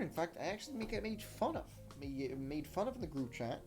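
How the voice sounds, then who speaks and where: A man's voice: fairly high pitch, a little mellow. A young man hosting a solo podcast, telling a story in a heated, profane rant. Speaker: podcast host.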